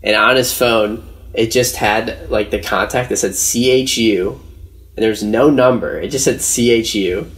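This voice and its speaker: A young man with a lowish, slightly bright voice tells a rambling story at a measured pace in a casual podcast chat. He's slangy and full of fillers, saying "dude" and "like" a lot.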